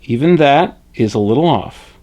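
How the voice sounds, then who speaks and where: Frederick, a friendly male hand puppet, is voiced by a man in an expressive, darkish mid-range voice close to his everyday one. Chipper and instructive, Frederick walks through puppetry basics on camera slowly and deliberately, saying "eh?" a lot.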